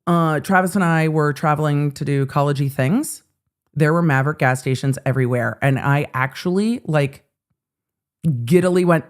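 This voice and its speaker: A middle-aged woman hosting a casual livestream of legal commentary. She chats with her viewers, swears freely and breaks into animated asides. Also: deep voice, fairly quick. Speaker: host.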